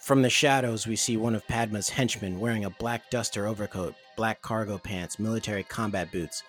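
A man co-hosting a comedy podcast, reading a script aloud in a casual, deadpan way. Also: on the low side, a little fast, faint music behind. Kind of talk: casual comedic read-through.

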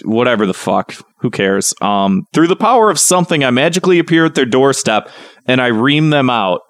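A man co-hosting a casual podcast, telling a story with mock outrage that climbs toward near shouting. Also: mid-range voice, sing-song, brisk, no room sound. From Chicago. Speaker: podcast co-host.

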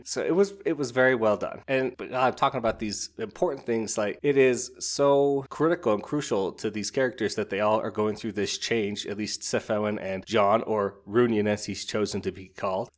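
Man, book podcast host, slightly low voice, casual review, animated, quotes characters. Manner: chatty, animated, retells scenes in quoted voices.

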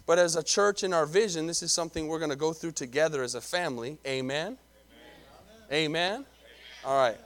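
Conversational preaching man, slightly high voice. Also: a little fast, fairly bright tone. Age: middle-aged. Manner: conversational, repeats himself, calls for amens. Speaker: pastor. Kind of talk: sermon.

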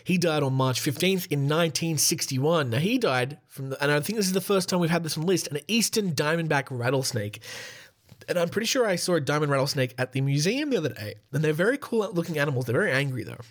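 A man's voice: a little high, expressive, fast talker. A man hosting a casual solo podcast, reading out a list while laughing at himself and breaking off to joke. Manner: giggly, irreverent, self-interrupting. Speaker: podcast host.

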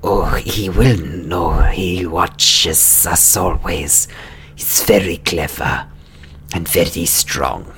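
Tabletop game figure: a hulking male lizardfolk guard, put on by a man, deep-voiced and slow, hissing his words. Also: a bit bright, exaggerated voice. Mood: wary. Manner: slow hissing, whispery menace. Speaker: game master voicing a guard.

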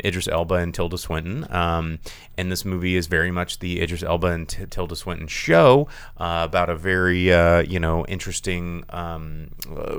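A low, smooth-voiced man talks through a film review in a loose, chatty way. He stumbles over restarts and fillers, then swings his pitch way up when he gets worked up. The sound is close and dry. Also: dry recording. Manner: animated, swooping pitch, many fillers and restarts. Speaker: film review podcast host. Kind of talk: casual film review chat.

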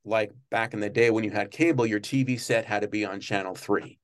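Male interview guest, low-pitched, casual, stumbling storyteller. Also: fairly even intonation. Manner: halting, many restarts and fillers. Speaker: guest, former studio page.

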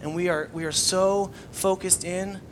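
Young man preaching, loud then hushed. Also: high-pitched, steady tone, a little slow, a little hiss or hum. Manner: conversational preaching, swings between loud emphasis and hushed tones. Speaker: pastor. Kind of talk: sermon.

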